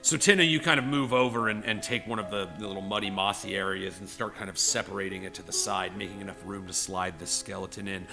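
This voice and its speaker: A man's voice: low voice, fairly even intonation, fast talker, creaky, few pauses, over music. A man narrating a tabletop game as game master, rambling with many fillers. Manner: rambling, filler-heavy storytelling.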